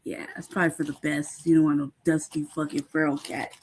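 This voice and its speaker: Woman, casual host chat, frequent laughter, profane, animated storytelling. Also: deep voice, fairly quick, a little hiss or hum.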